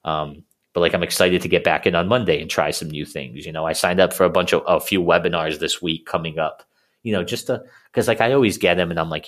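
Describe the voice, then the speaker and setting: A man's voice: low-pitched, steady tone, fast. A man in his thirties talking through his thoughts as a coaching client, rambling with lots of fillers and restarts. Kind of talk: casual conversation.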